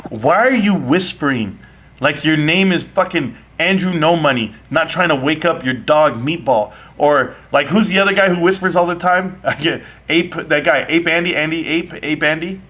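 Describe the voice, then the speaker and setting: A man's voice: on the high side, moderate pace. A man hosting a live online audio chat, arguing brashly and teasing his caller in a heated casual debate. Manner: brash, mocking, animated. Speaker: live stream host.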